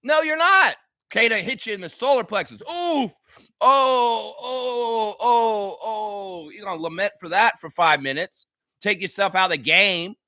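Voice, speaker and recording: A man's voice: sits high, lively intonation, moderate pace, bright, forceful tone, dry recording. A man hosting a live basketball reaction show, ranting heatedly and profanely at the players. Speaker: sports reaction host.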